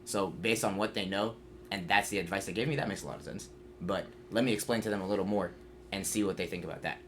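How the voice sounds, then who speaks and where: A man's voice: deep voice, fast, slight background noise. A young man hosting a podcast, talking in an earnest, reflective way in casual chat. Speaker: podcast host.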